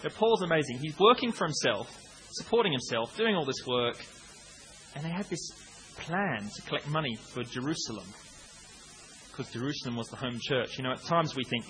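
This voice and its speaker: A man in his late thirties preaching a conversational sermon, breaking into acted-out shouts now and then. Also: mid-range voice, animated, normal speed, slight background noise, poor audio. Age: 30s.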